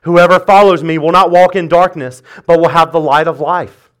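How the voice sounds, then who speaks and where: A man preaching in a church, with a fairly high voice that swings up and down in a lively way. He talks in a casual, joking style and pushes his points hard. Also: normal speed. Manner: conversational, joking, emphatic preaching. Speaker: pastor. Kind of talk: sermon.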